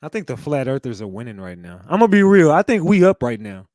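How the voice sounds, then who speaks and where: A man hosting a casual reaction commentary, excitable and profane, calling out to viewers as y'all. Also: medium pitch, fast, over music. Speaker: host reacting to clips.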